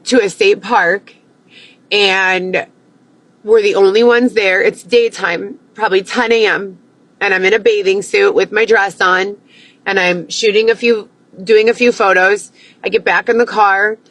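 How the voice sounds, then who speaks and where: A woman's voice: medium pitch, fairly even intonation, measured pace, fairly bright tone, dry recording, low-quality recording. A young woman ranting to camera, agitated and heavy with profanity, repeating herself as she vents. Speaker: vlogger.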